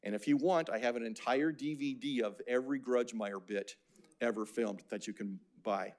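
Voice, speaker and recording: A man's voice: mid-range voice, moderate pace, darkish tone. Chatty older man giving a slide lecture. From Phoenix, Arizona. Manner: chatty, anecdotal, many fillers and restarts.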